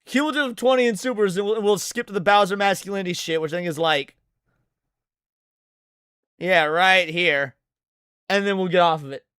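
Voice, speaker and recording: Brash, bright-voiced male streamer. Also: high voice, normal speed, long pauses, clean tone, no echo, studio quality. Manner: brash, profane, emphatic. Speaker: streamer reacting to clips. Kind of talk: casual live-stream commentary.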